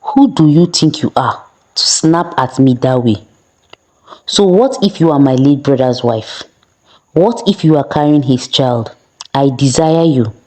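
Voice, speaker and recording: A woman's voice: a bass voice, expressive, a little slow, a little mellow. A woman voicing a lustful, arrogant young prince who talks down in a leering, domineering way.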